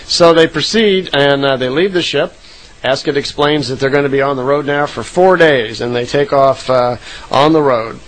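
A man's voice: mid-range voice, normal speed, rough recording. Easygoing man retelling a story. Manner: rambling, many "uh" fillers and self-corrections. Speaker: narrator retelling a recorded account. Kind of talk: casual spoken retelling.

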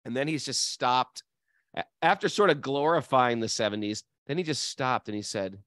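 Lively, laughing male storyteller. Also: mid-range voice, moderate pace, no room sound, clean studio sound. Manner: animated storyteller, laughs easily. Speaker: podcast co-host. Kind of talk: casual spiritual chat, reading song lyrics.

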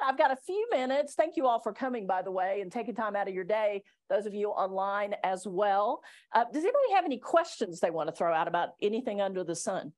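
A middle-aged woman attorney giving a live workplace training talk to staff, chatty and self-deprecating, often laughing between points. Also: medium pitch. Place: meeting room with live audience.

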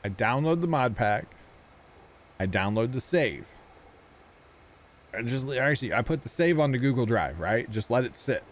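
A man streaming a farming game, chatting in a relaxed, rambling way with friends. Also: medium pitch, normal speed, pauses often, a little hiss or hum. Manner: laid-back, rambling. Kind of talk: casual gaming stream chat.

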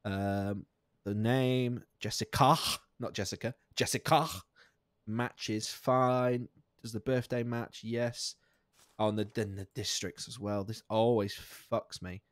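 A man giving live commentary on a game he is playing, jokey and sweary, laughing often, with sudden high squeaks of outrage. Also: fairly even intonation, slow pace, no echo, studio quality. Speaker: streamer.

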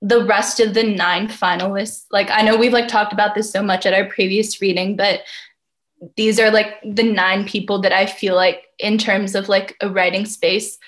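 A woman's voice: mid-range voice, little pitch movement, moderate pace, a bit bright. A young woman giving a tearful, rambling acceptance speech, full of "like" fillers. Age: young adult. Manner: emotional, rambling with many "like" fillers. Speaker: youth poet laureate.

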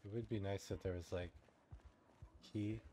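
A man's voice: on the low side, fairly even intonation, moderate pace, mellow, a little hiss or hum. A man giving let's-play commentary, reacting nervously to a game and swearing when things go wrong. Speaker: gaming YouTuber. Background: faint game music.

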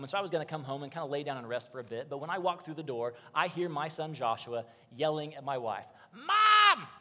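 A man preaching as pastor in a church sanctuary, his slightly high voice carrying a long hall reverb. He speaks in a measured way, letting key phrases fall soft and low, while a faint guitar plays underneath. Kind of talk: sermon with personal storytelling. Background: soft guitar music.

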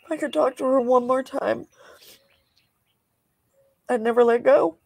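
Brief: older woman, tearful interviewee, high gravelly voice, soft and grieving. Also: fairly even intonation, unhurried. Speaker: interviewed grandparent. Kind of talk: news interview.

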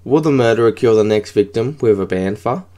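Guy doing a pompous alien president praying to his god, solemn, lowish voice, audiobook. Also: brisk, mellow, lightly acted. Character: pompous alien male tribal president, devout.

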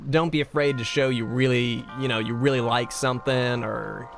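Gravelly-voiced man chatting on stream. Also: mid-range voice, fairly even intonation, moderate pace, faint music behind. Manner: rambling, self-deprecating, reads chat aloud. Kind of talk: casual livestream chat.

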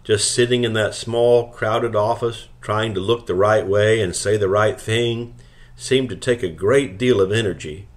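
A man narrating a novel chapter aloud in a calm, steady storytelling manner. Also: fairly low pitch, a little slow. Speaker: audiobook reader. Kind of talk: scripted narration.

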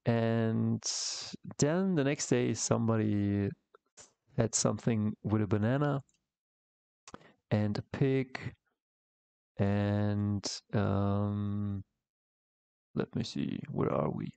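Brief: man, slow gravelly delivery, casual comic-art tutorial voice-over, dry close mic. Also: on the low side, warm tone, no echo, highs cut off. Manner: rambling, halting, many fillers and restarts. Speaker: comic artist teaching.

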